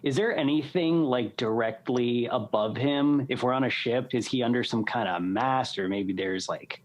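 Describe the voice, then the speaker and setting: A man's voice: medium pitch, normal speed. A man playing a tabletop game, hesitantly thinking aloud about his options. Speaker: player.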